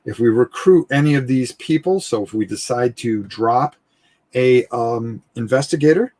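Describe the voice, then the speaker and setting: A man with a husky, slightly rough voice talks through a board game at his table. He hosts a live stream, explains the rules in a loose, chatty way and thinks aloud as he goes. He keeps saying "all right" and often repeats words. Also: mid-range voice, expressive, moderate pace, darkish tone. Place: indoors at a gaming table, filmed from overhead.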